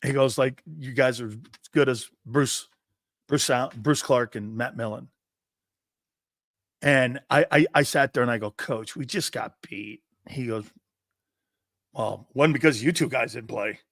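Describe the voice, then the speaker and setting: Animated rambling sports show host, man. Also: mid-range voice, unhurried, long pauses, dry recording, studio quality. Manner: rambling, animated anecdotes with restarts and quoted voices. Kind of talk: casual storytelling and show hosting.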